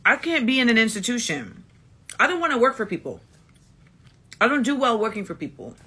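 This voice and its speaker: A woman's voice: fairly high pitch, very animated, fairly quick, sharp tone, slightly rough. A woman hosting a casual livestream monologue into a phone, blunt and emphatic, restating her points again and again. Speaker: livestream host.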